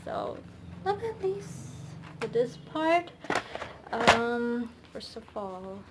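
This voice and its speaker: A young woman vlogger unboxing a DVD set at home, gushing and squealing with delight between quieter asides. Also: fairly high pitch, very animated, extremely slow, heavy background noise. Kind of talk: excited unboxing vlog.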